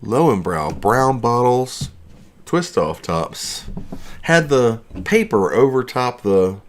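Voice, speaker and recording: A man's voice: medium pitch, big pitch swings, takes it slowly, a little hiss or hum. A man hosting a casual livestream from his basement studio, rambling and joking as he answers chat questions. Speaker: livestream host.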